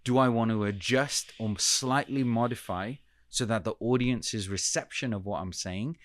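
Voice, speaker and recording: A man with a British accent, a communication coach explaining points in a measured, coaching way during an interview. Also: fairly low pitch, dry recording, studio quality. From United Kingdom. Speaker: communication coach, podcast guest. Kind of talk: casual interview chat.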